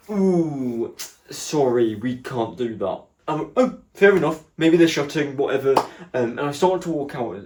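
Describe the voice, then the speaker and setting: A man tells stand-up stories at a mid-range pitch that swings up and down a lot. He jumps in and out of quoted characters, sometimes going high and squeaky for them. His telling stays chatty and animated. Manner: animated, acts out other people's lines in shifting voices. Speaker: stand-up comedian. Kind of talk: stand-up storytelling.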